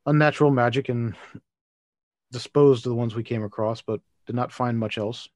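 A man's voice: mid-range voice, steady tone, normal speed, a little mellow, no room sound, natural voice. An earnest young ranger woman gives a dutiful report, voiced by a game master. The delivery is plain and close, in a dry sound.

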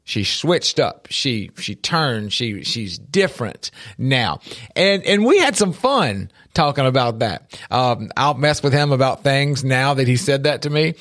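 A middle-aged man co-hosting a casual talk show about faith and life, telling stories with lively emphasis and often repeating words as he starts a sentence. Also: medium pitch, a little slow. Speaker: podcast co-host.

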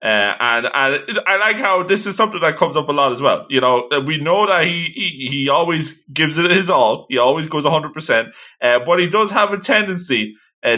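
Lively bright-voiced enthusiastic man. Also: medium pitch. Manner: enthusiastic, narrates scenes and acts out lines. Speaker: co-host discussing a manga chapter. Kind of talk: casual chat.

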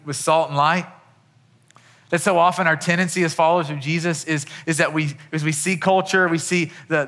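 A man's voice: a little high, bright, forceful tone. A man in his thirties, a pastor, giving a conversational sermon with many restarts.

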